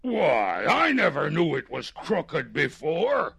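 A huge, gullible bear whines and frets in a strained, high, creaky voice, as a man puts him on for a storybook. The voice leaps wildly up and down and rasps with a husky edge, close and dry. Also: huge pitch swings, slow pace, fairly bright tone, no room sound, heavily acted. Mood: whiny. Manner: whining, easily alarmed. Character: huge hungry male bear, gullible and fretful. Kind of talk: storybook reading.

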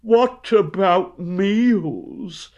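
A man voicing an anxious, plump, food-loving male teddy bear in a storybook reading, with a high, plaintive, drawn-out voice. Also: wildly swooping pitch, darkish tone, husky, highs cut off, exaggerated voice. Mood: gloomy.

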